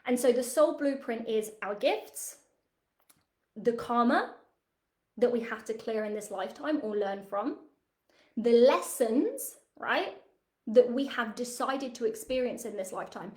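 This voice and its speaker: A woman in her thirties talks through a spiritual lesson in a loose, animated way, often checking in with her listeners. Her voice sits a little high. The room around her has a noticeable echo. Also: measured pace. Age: 30s. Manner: chatty, animated, frequent "right?" tags. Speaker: spiritual teacher. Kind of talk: masterclass teaching monologue.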